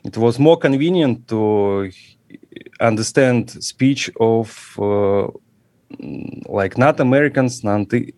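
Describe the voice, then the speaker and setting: A man from Russia speaking English with a Russian accent as a podcast guest, pausing often to search for words. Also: mid-range voice, a little mellow, no room sound. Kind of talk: casual interview chat. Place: home at night, remote call.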